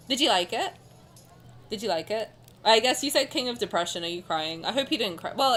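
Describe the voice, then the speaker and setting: A woman streamer chatting casually with viewers and reading game dialogue aloud, excitable and giggly, with dramatic outbursts. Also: on the high side, moderate pace, a little hiss or hum.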